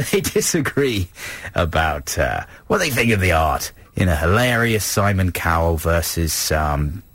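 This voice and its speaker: A British man with a slightly low voice co-hosting a radio show. He chats in a playful, joking way, and his pitch moves a lot. The recording is close and dry. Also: sing-song, a little slow, fairly bright tone, no echo. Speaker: radio co-host. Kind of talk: casual radio banter.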